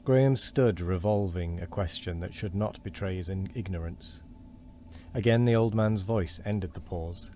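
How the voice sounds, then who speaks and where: Deep-voiced man reading aloud calmly. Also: measured pace, a little hiss or hum. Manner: calm, occasional slips and restarts. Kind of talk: unhurried book reading.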